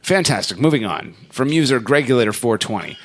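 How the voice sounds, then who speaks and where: A man's voice: mid-range voice, animated, a little fast, music in the background. A man hosting a casual podcast, reading listener posts aloud in a joking way with asides. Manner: joking, sings mock lyrics, reads aloud with asides. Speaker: podcast host.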